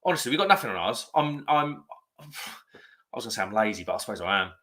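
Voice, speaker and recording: Bright-voiced chatty man. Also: fairly low pitch, lively intonation, fast talker. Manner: chatty, rambling, self-correcting. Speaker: live stream host. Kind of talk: casual live-stream chat, reading viewer comments.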